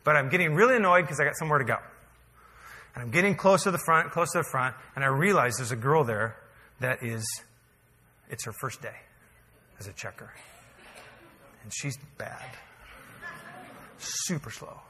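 A man's voice: medium pitch, normal speed, pauses often, pushed and bright, a little hiss or hum. A man preaching a sermon as pastor, telling a story in a conversational, humorous way that builds to emphatic peaks. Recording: hall reverb.

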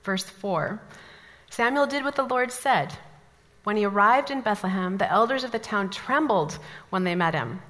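A woman from the American Midwest teaches scripture to a room of women, breaking into lively personal stories. Her voice is bright and forward. Long reverb from a large hall hangs behind her. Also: mid-range voice, normal speed. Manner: animated storytelling, lively asides. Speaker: women's Bible study teacher. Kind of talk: Bible teaching talk.

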